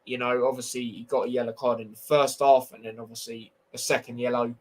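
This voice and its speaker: A young man hosts a casual football review stream, blunt and opinionated, trading slangy banter. His mid-range voice keeps a level tone at a brisk pace, and the recording quality is low.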